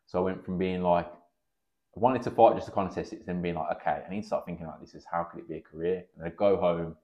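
Man, 30s, very low voice, quick chatty delivery, swears freely, lo-fi recording. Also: fairly even intonation. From England. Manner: chatty, swears freely, acts out quoted dialogue. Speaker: podcast guest, kickboxing coach. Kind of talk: casual podcast storytelling. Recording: slightly dull lo-fi podcast audio.

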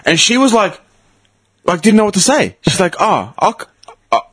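A man's voice: sits high, expressive, moderate pace, a bit bright, husky. A man who tells a funny story in casual chat and laughs often along the way. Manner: laughs often while telling stories.

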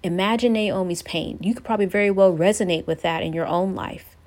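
A woman's voice: fairly low pitch, fairly quick, a little mellow. A young woman giving an earnest Christian devotional talk, sometimes acting out the voices she quotes. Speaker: Christian speaker.

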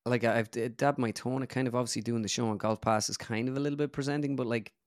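A man's voice: mid-range voice, steady tone, fast talker, no room sound, clean studio sound. A young Irish man from the Midlands, a comedian being interviewed casually, who runs his sentences together with many fillers. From Ireland. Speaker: comedian and impressionist, guest.

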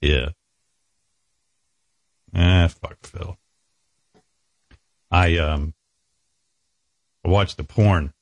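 A man's voice: low-pitched, extremely slow, pauses often. A man telling a crude, graphic comic story on a talk show, rambling and chuckling as he goes.

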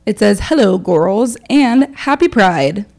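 A woman's voice: mid-range voice, slow. Chatty young woman podcast co-host. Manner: animated storyteller, reads listener emails aloud. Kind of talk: casual chat.

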